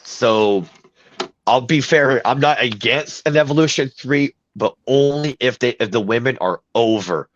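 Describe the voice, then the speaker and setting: In a dry, dull lo-fi recording with a little hiss or hum, a man hosts a podcast at medium pitch and an unhurried pace. He reads news items aloud and chats casually, giving blunt opinions with a few fillers.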